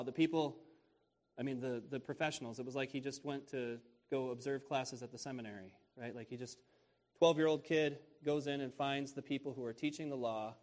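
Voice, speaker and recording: A man preaching a sermon on scripture in a casual, conversational way, repeating key phrases and often asking "right?". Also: mid-range voice.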